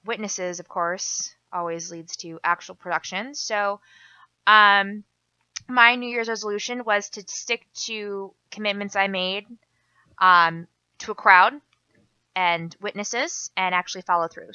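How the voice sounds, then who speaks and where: A woman's voice: mid-range voice, sharp tone, clear, resonant tone, no echo, highs cut off. A young woman with a Minnesotan accent, hosting a casual podcast in a rambling, self-deprecating way that drifts off on side tracks. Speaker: podcast host.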